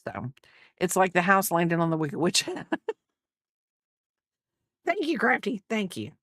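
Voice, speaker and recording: Chatty middle-aged woman vlogger, low voice, dry close sound, rambling casual chat. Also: very animated, fairly quick, a bit bright, dry recording. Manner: rambling, chatty, many fillers and asides. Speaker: crochet vlogger. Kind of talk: casual chat while crocheting.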